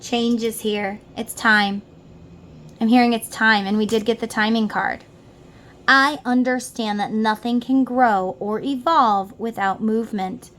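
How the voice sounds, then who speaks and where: Her voice a little high, steady and a bit bright, a middle-aged woman gives a casual tarot reading a little slowly. She speaks earnestly, heartfelt, directly to the listener.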